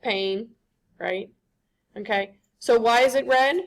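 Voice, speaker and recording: A woman's voice: a little high, takes it slowly, creaky. A woman giving a classroom lecture, conversational and often checking in with the students.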